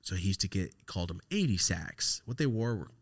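A man with a somewhat low voice tells a story on his podcast in loose, casual chat. He swears a lot and acts out the voices of the people in it. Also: brisk, husky. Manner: profane, animated, acts out voices in his stories. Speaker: podcast host.

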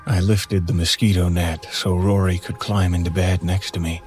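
A man narrating a horror story in a measured, somber way from a script. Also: sits low, flat delivery, darkish tone, soft background music.

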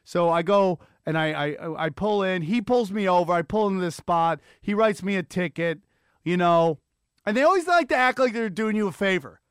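A man with a high, bright-sitting voice tells a profane, animated story as a podcast host. He acts out sirens and quoted lines as he goes, and his excitement builds as he talks. The sound is close and dry, with no room behind him. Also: normal speed, clear, resonant tone, no room sound. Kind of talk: animated solo storytelling rant. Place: Los Angeles area.

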